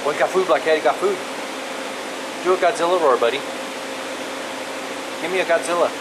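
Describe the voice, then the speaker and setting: A man's voice: a little high, a little fast. A man coaxing a cat in sing-song pet talk, repeating its name and asking it playful questions. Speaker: cat caretaker filming a feral cat. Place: indoors in a building with a cat. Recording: steady air conditioner hum.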